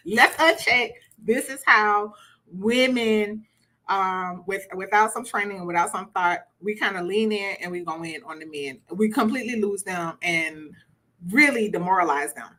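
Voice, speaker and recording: A woman's voice: mid-range voice, moderate pace, sharp tone. A woman teaching a conversational relationship workshop, chatty and repeating words for emphasis. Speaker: relationship coach.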